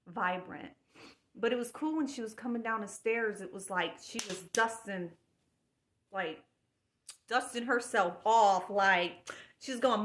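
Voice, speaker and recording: A woman's voice: medium pitch, a bit bright. A woman speaking in a heartfelt personal monologue, earnest and spiritual, often repeating herself. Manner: earnest, spiritual, emotional with repetitions. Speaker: vlogger.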